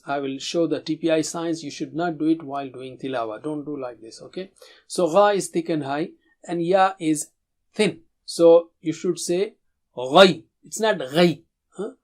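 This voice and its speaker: A man gives a Tajweed lesson, speaking in a fairly high voice. He stretches each syllable and says it with emphasis, then has the listener repeat after him. His explanations in between come at an even, instructive pace. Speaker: Quran recitation teacher.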